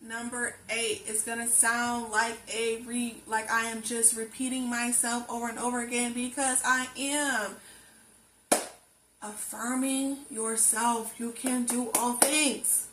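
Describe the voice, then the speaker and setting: A woman's voice: on the high side, level tone, a little slow, sharp tone. A young adult woman vlogging, talking earnestly and affirming herself, repeating phrases for emphasis. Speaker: lifestyle vlogger. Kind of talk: personal reflective monologue. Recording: echoey room with faint ambient noise.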